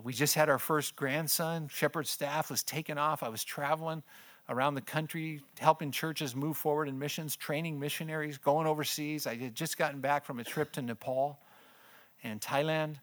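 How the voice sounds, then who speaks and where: A man's voice: fairly even intonation, moderate pace, a bit bright. An older man, a pastor and missions speaker, giving a conversational personal testimony and laughing often as he tells it. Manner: conversational storytelling, laughs often, voice drops low in heavy moments.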